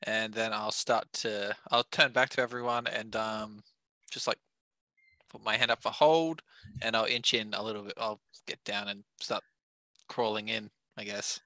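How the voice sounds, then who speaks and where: A man's voice: lowish voice, fairly even intonation, normal speed, bright, forceful tone, no echo. A man playing a tabletop game, joking and bantering as he describes his moves. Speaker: player.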